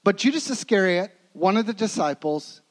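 A man with a fairly high voice delivers a sermon as a vivid retelling. He leans hard into some phrases and drops almost to a hush on others, pulling listeners into the scene. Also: expressive, normal speed, rough recording. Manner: dramatic storytelling, swinging between emphatic and hushed. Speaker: preacher.

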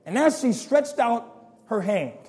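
A male preacher telling a dramatic sermon story, acting out its characters and rising to shouted appeals. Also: very high-pitched, sing-song, a little slow.

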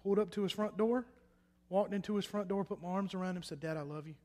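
A young man preaching a personal testimony, swinging between loud emphatic bursts and hushed quiet lines. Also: high voice, flat delivery, fast talker. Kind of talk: sermon testimony. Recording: echoey hall reverb.

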